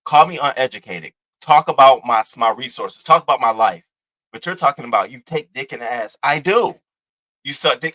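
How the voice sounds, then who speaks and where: A man's voice: medium pitch, big pitch swings, brisk, pushed and bright, low-quality recording. A young man hosting a livestream, delivering brash, profane, taunting trash talk at a rival. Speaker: live-stream host. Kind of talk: heated livestream rant.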